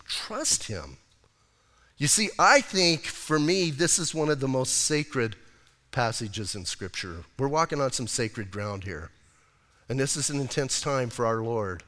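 A man preaching a sermon as pastor, in a casual, animated way that acts out the scenes he describes. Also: mid-range voice, big-room sound. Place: church sanctuary.

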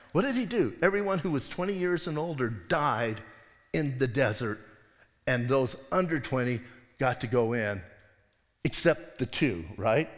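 A man's voice: fairly high pitch, a bit bright. Casual preaching man in a reverberant hall. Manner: casual conversational preaching, acts out voices in stories. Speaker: pastor. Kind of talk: sermon.

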